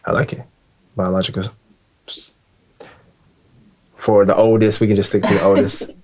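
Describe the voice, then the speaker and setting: A man's voice: on the low side, flat delivery, normal speed, noisy background. A man hosting a group discussion, talking earnestly with many restarts and fillers. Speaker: host. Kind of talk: casual discussion.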